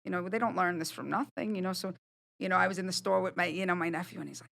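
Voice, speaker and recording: A woman's voice: lowish voice, fairly even intonation, fast, vocal fry, a bit bright. A woman, a guest on a studio podcast, speaking bluntly and animatedly about her own experiences, swearing casually. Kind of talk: candid conversational storytelling.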